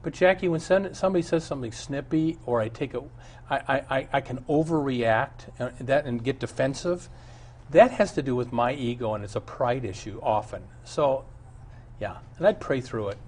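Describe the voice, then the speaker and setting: A man's voice: medium pitch, normal speed, darkish tone. A male pastor preaching a sermon and then answering Bible questions in an earnest, storytelling way. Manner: earnest, storytelling, chuckles often.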